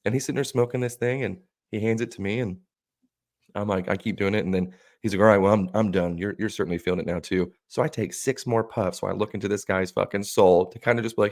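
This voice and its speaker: A man's voice: on the low side, fast talker, darkish tone, no echo, clean studio sound. A man co-hosting a podcast, telling a long rambling, profane bar story and acting out what others said. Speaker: podcast co-host. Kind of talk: casual storytelling chat.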